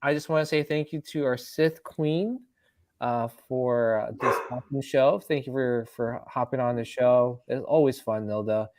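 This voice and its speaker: A man's voice: mid-range voice, normal speed, no echo. A man hosting a podcast in casual chat, laughing often and talking loosely with fillers. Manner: laughing, animated, loose filler-heavy talk. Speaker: podcast host.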